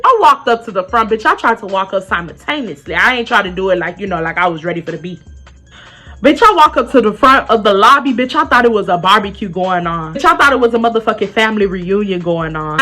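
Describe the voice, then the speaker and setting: A young woman telling a casual, profane storytime, loudly acting out what people said. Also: mid-range voice. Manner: animated, profane, acts out quotes loudly.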